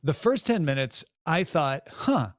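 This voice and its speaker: Male podcast co-host, lively delivery, dead-dry close mic, chatty. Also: fairly high pitch, measured pace, no echo. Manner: chatty, self-correcting, recounts his reactions. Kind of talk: casual chat.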